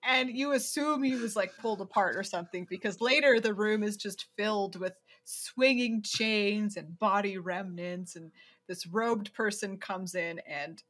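A woman's voice: medium pitch, measured pace, fairly bright tone. A woman co-hosting a podcast, summarizing a movie in a casual way with laughs and fillers. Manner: chatty, laughs often, many fillers. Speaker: podcast co-host. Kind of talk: casual movie recap chat.

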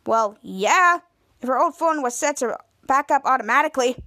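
A woman's voice: high voice, expressive, moderate pace, bright, forceful tone, dry recording, clean studio sound. A woman voicing a smart, anxious teenage girl, quoting her lines with worry. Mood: worried.

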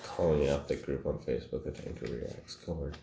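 A man co-hosting a podcast in casual banter, joking and deadpan, swearing freely. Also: rumbling low, moderate pace, creaky. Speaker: podcast co-host. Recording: echoey room with faint noise.

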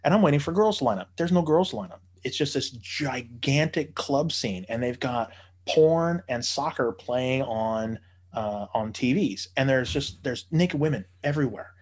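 A man's voice: mid-range voice, animated, moderate pace. A man telling a long story in casual podcast chat, profane and rambling with many fillers.

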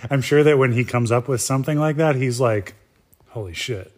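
A man co-hosting a laid-back podcast, with a middle-pitched voice. His delivery is dry and deadpan, and the sarcastic remarks land flatly amid the chatter. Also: brisk. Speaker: podcast co-host. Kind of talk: casual chat about a reality show.

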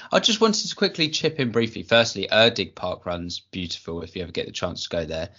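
Chatty man with a low, bright voice. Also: moderate pace. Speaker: guest joining by call. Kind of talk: casual chat. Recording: dull lo-fi sound.

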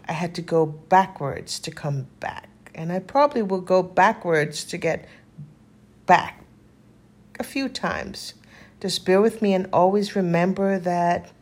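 A woman in her fifties talks straight to her viewers in an open, earnest way, with a somewhat low voice. She drifts between thoughts, pausing often and filling gaps, with a spiritual tone to how she speaks. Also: darkish tone, husky. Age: 50s. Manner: earnest, spiritual, rambling with many pauses and fillers. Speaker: lifestyle vlogger. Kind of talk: casual heartfelt vlog.

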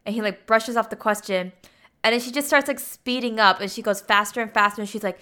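A woman's voice: on the high side, a little fast, bright, forceful tone. A woman casually retelling a film plot, chatty and peppered with 'like' and 'you know'.

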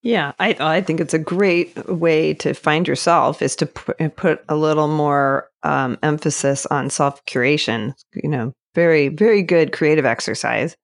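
A middle-aged woman speaking as a podcast guest, her voice sitting a little low for a woman. She talks in a thoughtful, hesitant way, with plenty of ums and restarts. The recording is close and dry. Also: measured pace, few pauses, no echo. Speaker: podcast guest, landscape photographer. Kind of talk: casual interview chat.

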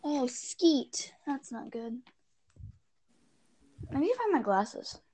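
A woman's voice: sits high, sing-song, takes it slowly, warm tone, no echo. A young woman co-hosting a casual podcast, rambling and distracted, swearing offhandedly as she fiddles with links. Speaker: podcast co-host. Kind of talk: casual chat.

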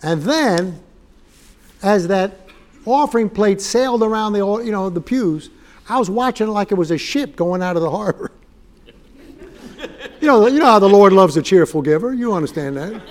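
Male guest preacher, high-pitched, storytelling sermon full of jokes and acted-out quotes. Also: animated, moderate pace, pauses often. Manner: humorous, acts out quoted dialogue.

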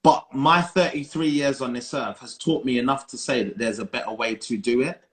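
A man's voice: medium pitch, moderate pace, fairly bright tone. A man, co-hosting a podcast and talking earnestly, repeating key phrases for emphasis. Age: 30s. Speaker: podcast co-host. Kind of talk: casual chat.

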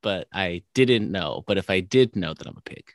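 A man's voice: deep voice, expressive, normal speed, dry recording, studio quality. A man co-hosting a podcast in casual banter, jokey and teasing. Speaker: podcast co-host.

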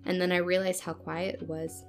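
A woman's voice: fairly low pitch, flat delivery, fairly quick, soft background music. Woman reading a spooky story. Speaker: podcast host.

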